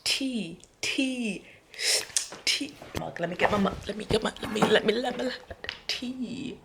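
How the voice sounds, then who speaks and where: A woman talking through her reactions to a book in a casual vlog, excitable and chatty, with gasps and whispered asides. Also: mid-range voice, a little slow, creaky, background noise. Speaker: book vlogger.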